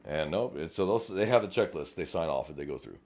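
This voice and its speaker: A man's voice: extremely low pitch, lively intonation, quick pace, darkish tone. A middle-aged man with a South Texas accent, a police officer co-hosting a casual podcast, blunt and profane, acting out quoted exchanges. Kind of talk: casual chat.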